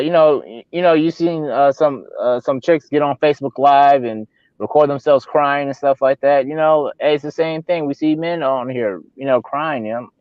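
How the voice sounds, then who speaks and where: Guy on a live show going off on a rant, mid pitched, kinda muffled sound. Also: dry recording. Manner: rambling, repeats and restarts, animated ranting. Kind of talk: casual opinion commentary.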